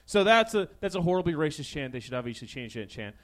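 Sarcastic, rambling high-voiced young man. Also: sing-song, fast talker, fairly bright tone. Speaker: talk show host. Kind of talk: stand-up monologue. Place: small live comedy venue. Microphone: handheld stage microphone.

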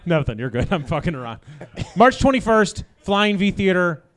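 A man with a high, smooth voice hosts a comedy show, trading joking, profane banter with his guest before calling the next comics to the stage. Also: sing-song, moderate pace, a bit bright. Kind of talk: casual banter and stage introductions.

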